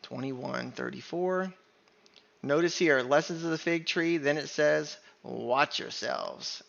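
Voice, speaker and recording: Man, online Bible teacher, emphatic and insistent, gravelly, muffled home recording. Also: a little high, takes it slowly, a bit bright. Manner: emphatic, keeps asking "right?". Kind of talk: screen-share Bible study sermon.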